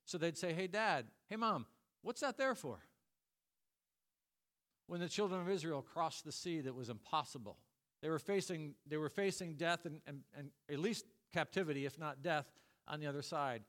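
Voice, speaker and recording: Middle-aged male pastor, high voice, humorous sermon with acted-out character voices. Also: fairly quick.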